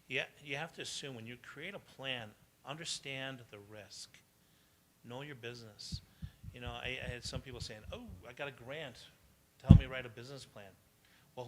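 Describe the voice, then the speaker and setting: Bright, chatty man giving a talk. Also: medium pitch, a little hiss or hum. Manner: chatty, anecdotal, laughs often, asks the audience. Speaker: speaker at a business conference. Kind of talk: motivational talk to entrepreneurs. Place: live event venue.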